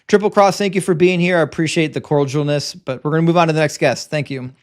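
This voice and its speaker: A man's voice: on the high side, steady tone. Blunt, stammering debate host, man. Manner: blunt, lecturing, with quick stammered restarts. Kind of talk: live-stream debate and reading super chats.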